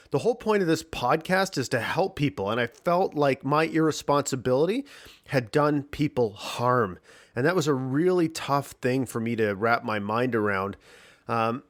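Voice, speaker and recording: A man hosting his podcast alone from his home basement, talking candidly with a morning voice, clearing his throat, swearing and restarting sentences. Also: on the high side. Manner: candid, rambling, swears freely, frequent restarts. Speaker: podcast host. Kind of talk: casual solo podcast monologue.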